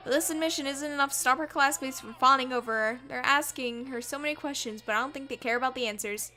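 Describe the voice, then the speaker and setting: A woman's voice: high-pitched, fast talker, pushed and bright. A woman streamer reading game narration aloud and making self-mocking, giggly asides. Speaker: let's play streamer.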